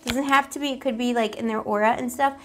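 A woman with a slightly high voice gives a casual tarot reading straight to her viewers. She rambles affectionately and showers them with pet names. Her talk is playful and giggly, and she often teases herself. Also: steady tone, quick pace. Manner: giggly, self-teasing. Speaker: tarot reader.

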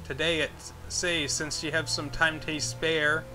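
A man's voice: on the high side, flat delivery, unhurried, bright, forceful tone, soft background music. A man reading the lines of a boastful male thieves' guild leader in a video game, stumbling over his words and using old-fashioned sayings. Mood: scheming. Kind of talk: reading game dialogue aloud.

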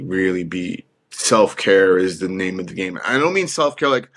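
Husky-voiced actor giving earnest pep talk. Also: male voice, low-pitched, moderate pace, a bit bright. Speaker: actor, podcast guest. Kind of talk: reflective interview talk.

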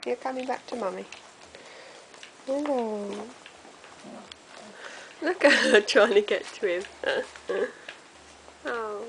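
A woman's voice: a little high, takes it slowly, long pauses. A woman talking baby talk to puppies, sing-song, cooing and laughing, on a noisy home video. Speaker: pet owner.

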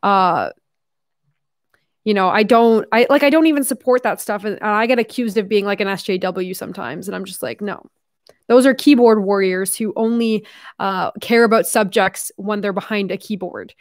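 A woman's voice: medium pitch, moderate pace, no echo, studio quality. A young woman from Canada chatting casually while opening fan mail, rambling with lots of fillers like "like" and "um". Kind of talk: casual vlog chat.

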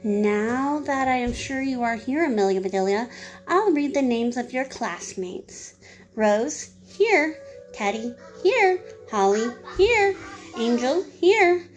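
Patient storybook teacher, gentle and measured, slow and sing-song, read by a woman. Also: on the high side, animated, soft background music. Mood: kind. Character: kind patient woman schoolteacher.

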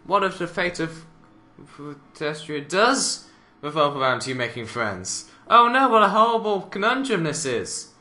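Guy snarking at a cartoon, bright voice, pitch all over the place. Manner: sarcastic, mocking, swears often. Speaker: reaction video maker. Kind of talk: casual reaction commentary.

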